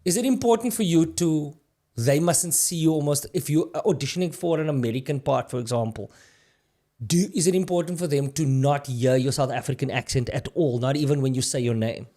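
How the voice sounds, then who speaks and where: A man hosting a podcast, asking questions in a loose, conversational way and often chiming in with quick agreement. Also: a little high, mellow. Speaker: podcast host. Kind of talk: casual interview.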